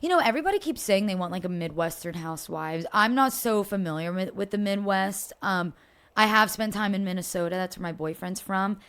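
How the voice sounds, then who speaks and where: A young woman from Philadelphia chatting as a podcast guest, animated, cursing freely and laughing often. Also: mid-range voice, fairly quick, clean tone. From Philadelphia, USA. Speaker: podcast guest, content creator. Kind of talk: casual chat.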